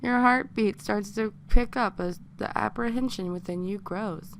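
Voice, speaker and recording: Casual female reader of a dark second-person story, with a fry-heavy voice and crude asides. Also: medium pitch, measured pace, slight background noise. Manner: breaks off into crude, joking asides. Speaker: reader of fan fiction.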